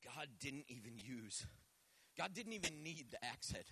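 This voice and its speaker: A man preaching a live sermon, passionate, swinging between loud shouting and soft asides to the congregation. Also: medium pitch, very animated, a little slow, slightly rough. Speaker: pastor.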